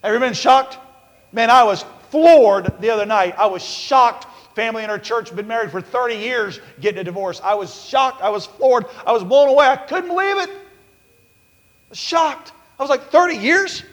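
High voiced pastor preaching, lots of uhs, gets loud, big reverb church. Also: male voice, moderate pace. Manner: preaching with rising shouts and repetition; filler-heavy, restarts. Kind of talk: sermon. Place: church sanctuary. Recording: long hall reverb.

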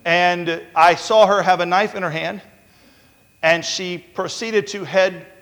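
A man's voice: high-pitched, fairly bright tone, big-room sound. An American man preaching a sermon, telling stories in a loose, conversational way with many fillers and rising emphatic peaks. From United States. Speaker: pastor.

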